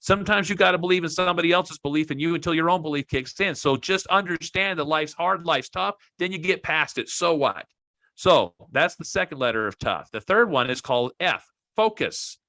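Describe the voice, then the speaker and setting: A man's voice: on the high side, lively intonation, a little fast, pushed and bright, dry recording. Emphatic man giving a motivational talk. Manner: emphatic, repeats key phrases, jokes with listeners. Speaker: motivational speaker. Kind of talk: motivational talk to an online group.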